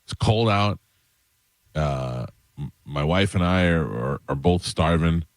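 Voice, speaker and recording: A radio host in his forties with a very low voice tells a family story in easy chat and acts out each person's lines. The studio sound is dry and close. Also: animated, takes it slowly, no room sound. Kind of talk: casual morning radio chat. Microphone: studio microphone.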